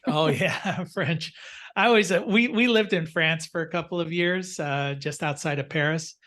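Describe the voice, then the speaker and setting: An older man talks to his class over a video call in a slightly raised pitch. He wanders through anecdotes, stopping and restarting with plenty of ums and you-knows. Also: normal speed, fairly bright tone. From United States. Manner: rambling, anecdotal, many fillers and restarts. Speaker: instructor. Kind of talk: casual classroom storytelling.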